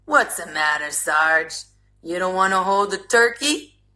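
A woman's voice: on the low side, animated, measured pace, pushed and bright, soft background music. A woman voicing a blustering male store manager who barks orders, then turns falsely chummy. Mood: coaxing.

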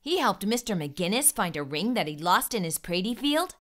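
A woman hosting a children's storytime, reading a picture book aloud in an expressive, animated way. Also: medium pitch, moderate pace. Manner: warm expressive read-aloud. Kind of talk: read-aloud storytelling for kids.

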